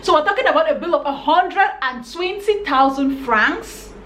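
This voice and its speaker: A young woman from Cameroon tells a storytime on her vlog with a high, bright pitch, acting out every line of dialogue with animated exasperation. Her voice bounces around an echoey room, with a faint hiss of noise under it. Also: moderate pace. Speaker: vlogger. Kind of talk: storytime vlog, casual retelling.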